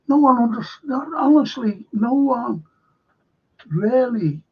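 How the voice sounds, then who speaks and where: On a casual history livestream, a man from Liverpool, England chats slowly in a husky, high voice with lively intonation, wandering from topic to topic and swearing now and then. He reads out viewer comments as he goes, and the stream audio is dull and lo-fi.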